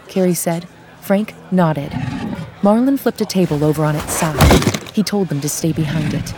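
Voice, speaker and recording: A woman narrating a story in a steady, measured storytelling manner. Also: low voice, very noisy. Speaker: audiobook narrator. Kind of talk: scripted narration.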